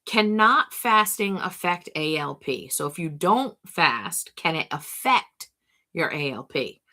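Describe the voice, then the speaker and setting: A woman's voice: sits low, big pitch swings, slow, bright, forceful tone. A middle-aged woman hosting a casual talk to camera, chatty and thinking aloud, talking to herself by name. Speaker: host.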